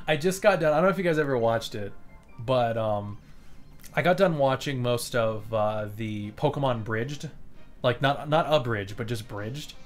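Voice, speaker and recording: A man streaming a playthrough live, rambling in casual commentary as he plays, swearing freely and chuckling often. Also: medium pitch.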